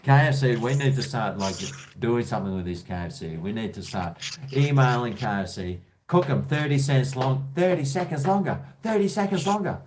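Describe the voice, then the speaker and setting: A man's voice: lowish voice, lively intonation, moderate pace, hardly any pauses, noisy background. An Australian man from Brisbane hosting a casual call-in show, with jokey, blokey banter. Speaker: host of a call-in livestream.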